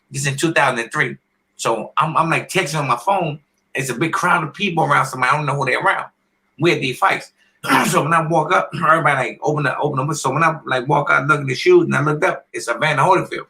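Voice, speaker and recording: A man in his fifties, a former boxer and podcast guest, telling animated stories in a casual interview and often clearing his throat. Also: on the high side, low-quality recording. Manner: animated storyteller who acts out quoted voices.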